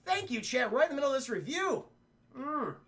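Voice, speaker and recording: A man casually reviewing a cartoon episode on a live stream, excitable, swearing freely and talking to his chat. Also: very high-pitched, fairly quick.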